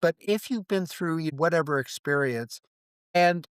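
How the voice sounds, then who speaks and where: A man in his seventies, a veteran guest in an interview conversation, speaking in a reflective, halting way and acting out quoted exchanges. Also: a little high, smooth, no room sound.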